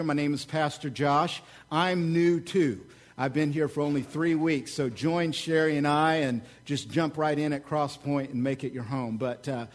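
A man preaching a sermon as pastor, joking asides and emphatic loud peaks. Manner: animated, swings between loud emphatic peaks and low asides; joking, conversational asides to the congregation. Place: church.

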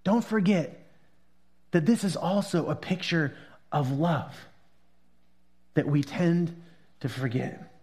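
A male pastor with a high voice preaches a sermon. He talks like a conversation, then grows loud and emphatic, then drops to a hushed hush over the scripture reading. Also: slow, long pauses, husky.

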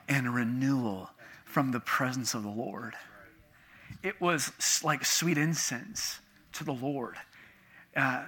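Bright-voiced man preaching a sermon. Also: medium pitch, breathy edge. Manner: conversational, confessional storytelling with sudden bursts of emphasis. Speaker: pastor.

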